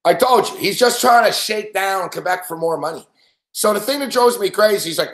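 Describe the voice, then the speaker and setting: A man's voice: high-pitched, lively intonation, a little fast, fairly bright tone, echoey room. A man hosting a late-night sports betting show, ranting angrily and profanely about hockey and mocking the people he talks about. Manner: mocking impressions of others. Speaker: host.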